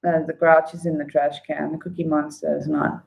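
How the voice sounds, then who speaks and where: A woman hosting a casual trivia night, reading each question slowly and twice, with laughing apologies and humming between questions. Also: deep voice, little pitch movement, gravelly, darkish tone, poor audio. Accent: non-local accent. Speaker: trivia quiz host.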